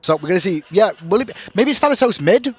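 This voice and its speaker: A young man with a fairly high voice casts an esports draft at speed. His pitch swings widely as he jokes with his co-hosts and reads out the picks. He sounds quick and animated throughout. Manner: quick, animated, banter-heavy. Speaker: esports caster. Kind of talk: esports play-by-play commentary.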